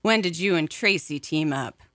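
A woman's voice: sits low, expressive, normal speed, fairly bright tone, no room sound, clean studio sound. A woman reading aloud, voicing a suspicious, deprecating male sheriff.

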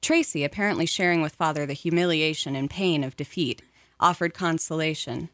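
A woman narrating a memoir audiobook in a measured, even storytelling manner. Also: low-pitched, dry recording.

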